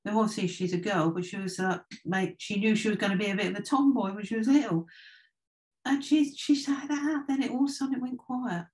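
A woman's voice: medium pitch, a little mellow. A woman, a trance medium guest telling spiritual anecdotes in an easygoing, conversational way. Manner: anecdotal, unhurried, with filler restarts. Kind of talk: casual storytelling in conversation.

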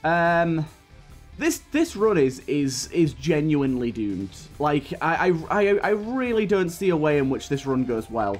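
With big swings in pitch, a higher-leaning voice, and a measured pace, a young man narrates a wandering childhood anecdote on his gaming channel. He repeatedly breaks off to grumble angrily at his run over faint game music.

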